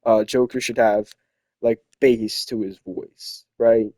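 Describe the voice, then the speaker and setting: A man's voice: on the low side, fairly even intonation, slow, warm tone, no echo. A young man hosting a casual opinion chat, rambling and opinionated with lots of fillers. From not from South America. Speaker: host.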